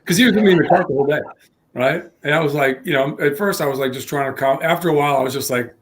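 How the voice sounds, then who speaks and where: A man co-hosting a casual tech podcast, telling a long story with lively acted-out quotes and frequent laughs. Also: fairly high pitch, rapid-fire. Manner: animated storyteller, acts out quotes, laughs often. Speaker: podcast co-host.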